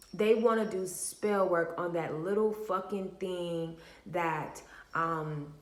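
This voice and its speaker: Blunt, profane woman in a roomy space. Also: lowish voice. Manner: blunt, profane, animated storytelling. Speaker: spiritual vlogger. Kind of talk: casual monologue to camera.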